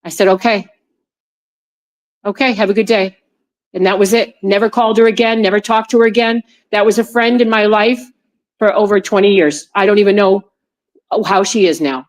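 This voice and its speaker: Mid-range in pitch, she speaks at a moderate pace with long pauses. As a woman guest being interviewed on a video call, she tells a personal story in a meandering fashion, restarting and repeating herself, and turns animated when recounting her friends' words.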